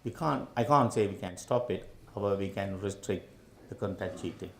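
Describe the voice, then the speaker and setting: A man on a conference panel introducing himself, halting and searching for words. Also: deep voice, creaky, a little hiss or hum. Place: big conference room. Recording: echoey conference room.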